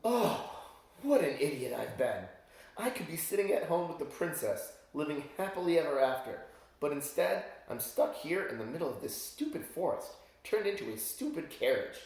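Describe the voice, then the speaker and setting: A man's voice: sits high, big pitch swings, takes it slowly, very echoey, pitched above the performer's own voice, full character voice, poor audio. A man voicing a polite, fretful young frog prince in a raised, eager voice, reading a storybook aloud. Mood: self-pitying.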